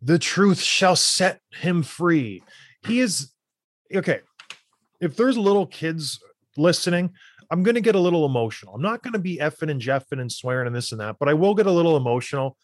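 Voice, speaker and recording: A man in his thirties hosts a podcast, a former hockey player who gets fired up and hammers his points home. His voice sits a little high for a man. The recording is dry and close, with no room sound. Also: animated, quick pace, darkish tone, no echo. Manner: fired-up, emphatic ranting. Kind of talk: casual chat and ad read.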